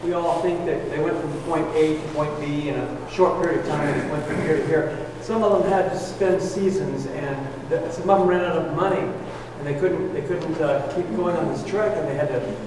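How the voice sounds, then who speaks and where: A man's voice: a little high, fairly even intonation, moderate pace. A man from the congregation sharing a childhood story, hesitant and searching for words. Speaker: congregation member. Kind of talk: casual sharing in a group. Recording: distant, echoey hall with noise.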